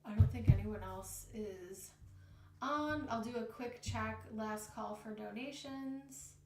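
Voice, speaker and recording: A woman's voice: on the high side, recorded from a distance, noisy background. A woman with a Northeast Ohio accent giving a live tarot reading, easygoing and full of fillers. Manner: slow and easygoing, many fillers. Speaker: tarot reader. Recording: echoey room, voice away from mic.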